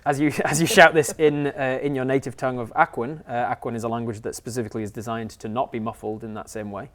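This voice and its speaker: A man's voice: medium pitch, fairly even intonation, fast, a bit bright. A man narrating as game master of a tabletop game, rambling, with many fillers and restarts.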